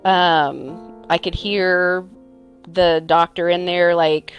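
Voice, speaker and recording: A woman telling a personal story in an earnest, halting way, as an interviewee. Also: lowish voice, flat delivery, clear, resonant tone, faint music behind. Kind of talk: personal recollection.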